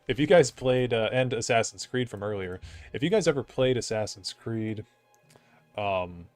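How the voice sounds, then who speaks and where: A male streamer talks through his game in a loose, rambling way, trailing off into asides. His voice sits on the low side. Faint music plays quietly behind him. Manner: rambling, chatty, with fillers and asides. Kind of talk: casual gaming commentary.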